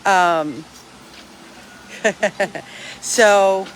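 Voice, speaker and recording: A woman's voice: medium pitch, drawn-out words, slight background noise. Earnest, talkative woman vlogging outdoors. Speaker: dog rescue owner. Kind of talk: casual vlog to followers.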